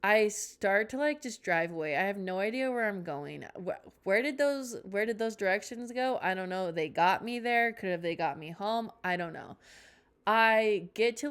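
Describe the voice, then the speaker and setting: Her voice is medium in pitch, a bit bright, and clean in tone as this young woman hosts a podcast. She tells a rambling, casual story with tangents and self-mocking asides.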